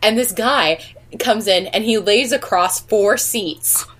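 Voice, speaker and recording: A woman from California on a podcast, telling stories in a lively way and laughing often. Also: mid-range voice, slow, heavy background noise. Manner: animated storyteller, laughs often. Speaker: podcast co-host. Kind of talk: casual chat.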